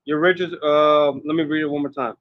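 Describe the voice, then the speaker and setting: Guy reading bible verses, slow loud and drawn out, dull muffled audio. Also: on the high side, fairly even intonation. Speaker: scripture reader.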